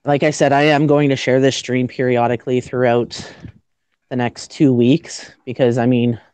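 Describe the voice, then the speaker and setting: A woman's voice: rumbling low, little pitch movement, normal speed, darkish tone, clear, resonant tone, no echo. Giggly shivering woman on a dry livestream. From Canada. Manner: giggly, self-mocking, joking. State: shivering cold, stuttering. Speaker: livestream host. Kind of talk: casual livestream chat. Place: outdoors in freezing winter weather.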